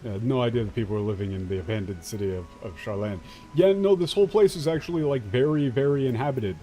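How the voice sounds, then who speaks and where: A man's voice: mid-range voice, fast, mellow. Rambling, swearing man translating a game. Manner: rambling, profane, full of fillers and restarts. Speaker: let's play streamer. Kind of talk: casual game commentary and live translation.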